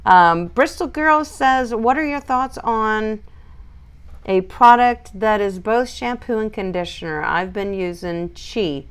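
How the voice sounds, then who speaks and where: A woman dog groomer hosting a casual live stream, chatting and reading out viewer comments in an animated, laughing way. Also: medium pitch, slow, clean tone.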